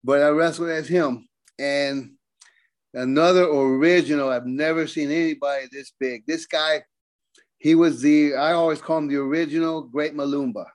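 A man's voice: on the high side, normal speed. Older man telling road stories. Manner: animated storyteller, acts out quotes. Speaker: wrestler guest. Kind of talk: casual storytelling.

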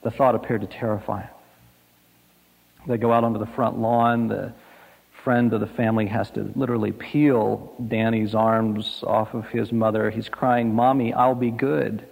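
A man preaching a sermon, telling a story slowly and dramatically, letting his lines fade to a hush. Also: on the low side, little pitch movement, vocal fry, breathy edge. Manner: slow, dramatic storytelling with soft, hushed line endings. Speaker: pastor. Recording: echoey hall.

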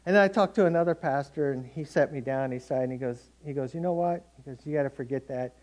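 Mellow-voiced man preaching conversationally. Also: mid-range voice, quick pace. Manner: conversational, anecdotal preaching with acted-out quotes. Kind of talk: sermon.

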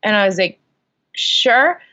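A young woman tells a long personal story in a loose, chatty way, piling on fillers and animated asides. Her voice sits at an ordinary pitch for a woman. The sound is somewhat dull and lo-fi. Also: moderate pace. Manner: animated, lots of likes and ums. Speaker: guest. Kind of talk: casual storytelling.

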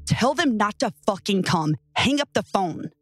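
A woman's voice: mid-range voice, big pitch swings, a little slow, no echo, soft background music. A woman voicing a drunk, injured, panicked man who talks in a demanding, agitated way.

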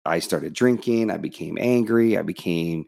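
A man telling his life story as a podcast guest, open and animated, swearing casually. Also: low-pitched, normal speed, vocal fry, no echo, studio quality. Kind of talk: personal storytelling in interview.

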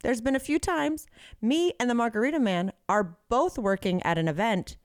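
A woman co-hosting a podcast in casual chat, telling an animated story and acting out the people in it. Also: a little high, normal speed, no echo, studio quality. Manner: animated storyteller who acts out quoted people. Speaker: podcast co-host.

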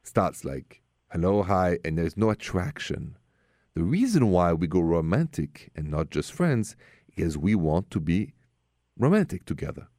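Man, French accent, radio host, low voice, dry studio sound, storytelling, frank advice. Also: big pitch swings, unhurried, no echo. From France. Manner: warm storytelling, direct and frank with callers. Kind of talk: talk radio love advice.

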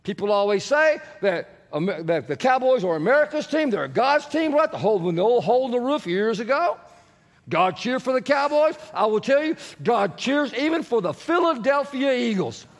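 Preacher guy, high voice, lots of questions and shouting, long reverb in a big church. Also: normal speed. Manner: animated, questioning the congregation, jumps to shouts. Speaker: pastor. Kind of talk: sermon. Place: church sanctuary.

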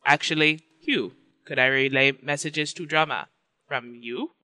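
A man's voice: a little high, a little slow, bright, forceful tone, no room sound. A man playing a formal music-industry manager who gives orders in a clipped manner.

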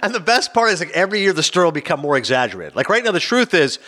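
A man co-hosting a casual podcast chat, telling stories in an animated way. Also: on the high side. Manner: rapid, animated storytelling. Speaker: podcast co-host.

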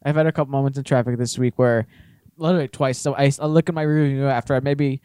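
A man in casual podcast chat, telling traffic stories in a quick, sarcastic and crude way. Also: mid-range voice, steady tone, warm tone, clear, resonant tone, no room sound.

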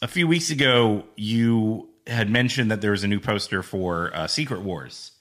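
A man's voice: lowish voice, moderate pace, fairly bright tone. A man co-hosting a podcast, explaining comic plots in a laid-back, agreeable way. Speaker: podcast co-host.

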